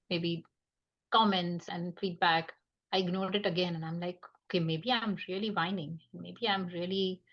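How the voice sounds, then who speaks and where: Low-voiced woman sharing her story. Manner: reflective, pausing often. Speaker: guest. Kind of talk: candid personal conversation. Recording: dull lo-fi sound.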